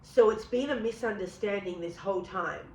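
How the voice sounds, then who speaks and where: A woman with a New York accent, guiding an EFT tapping session with calm, measured affirmations for the listener to repeat. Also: mid-range voice, slight background noise. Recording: roomy echo.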